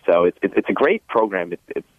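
A man's voice: deep voice, animated, fairly quick, dry recording. A man appearing as a banking guest on a radio talk show, upbeat and filler-heavy, often repeating his words. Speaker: bank lending guest. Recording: tinny phone line, dry.

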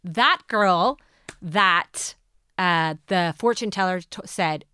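A woman's voice: lowish voice, animated, slow, bright, forceful tone, smooth, no room sound, clean studio sound. A woman hosting a podcast, giving earnest coaching on manifesting love and asking listeners many questions. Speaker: podcast host.

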